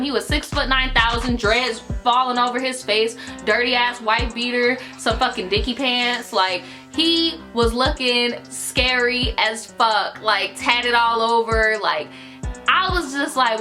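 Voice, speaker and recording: Animated young woman telling a story. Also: fairly high pitch, measured pace. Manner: animated, profane, filler-heavy storytelling. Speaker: YouTuber. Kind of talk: casual storytime vlog. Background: music.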